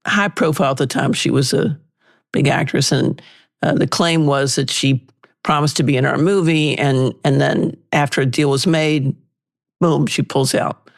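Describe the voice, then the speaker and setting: An older woman, a litigation lawyer and interview guest, telling lively anecdotes and acting out past exchanges. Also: sits low, creaky. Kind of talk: storytelling in an interview.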